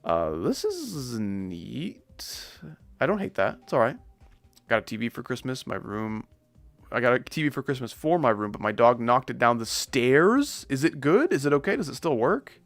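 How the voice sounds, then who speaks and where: A man's voice: mid-range voice, big pitch swings, brisk, dry recording, soft background music. A man streaming casual gaming commentary, rambling and joking at his own expense. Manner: rambling, jokey, self-deprecating.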